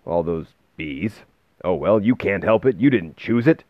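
A man voicing a gruff, grumbling old male bookseller who speaks slowly and with disapproval, recorded with a dull, dry sound. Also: on the low side, expressive, no room sound.

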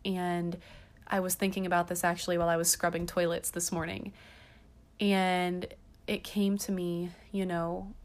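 Rambling chatty woman podcaster. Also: fairly low pitch. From half Irish. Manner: chatty, rambling, frequent ums. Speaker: podcast host. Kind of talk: casual chat.

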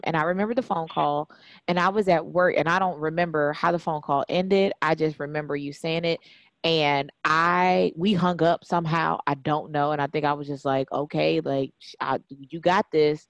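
A woman hosting a podcast, talking in a heartfelt and expressive way with laughs and sudden rises in pitch. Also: normal speed, no room sound, poor audio. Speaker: podcast host. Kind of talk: emotional casual conversation.

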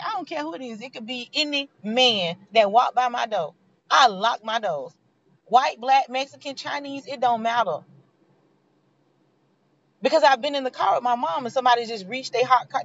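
Woman, motivational faith talk, casual and earnest, slightly high voice, dull recording. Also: gravelly, fairly bright tone. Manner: heartfelt, preachy, conversational. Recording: dull lo-fi sound.

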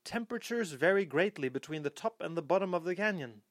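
Fast-talking deadpan man, dry close sound. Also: a little high, no echo. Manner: rambling, deadpan, self-correcting. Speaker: podcast co-host. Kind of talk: casual chat.

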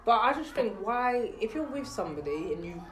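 A woman's voice: a little high, big pitch swings, fairly quick, roomy sound, a little hiss or hum. A young woman, chiming in on a casual chat with a friend.

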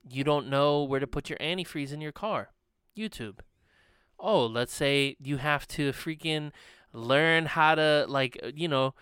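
A man's voice: medium pitch, fairly bright tone, clean tone, no room sound, studio quality. A young man co-hosting a podcast, telling long rambling stories with fillers and laughs. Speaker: podcast co-host. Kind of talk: casual chat. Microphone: studio podcast mic.

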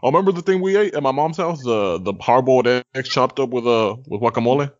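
A man co-hosting a podcast, talking in a laid-back, halting way with many restarts. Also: medium pitch, dull audio. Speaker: podcast co-host. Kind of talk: casual podcast chat.

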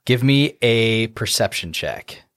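A man in the role of game master, narrating a tabletop game in a relaxed, rambling way. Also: lowish voice, slow.

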